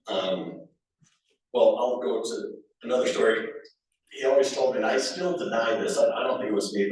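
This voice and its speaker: A man giving a funeral eulogy for a family member, telling casual anecdotes with fillers and restarts and chuckling between stories. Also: lowish voice. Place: funeral home chapel. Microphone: distant from the recording microphone. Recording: echoey room recorded from far off.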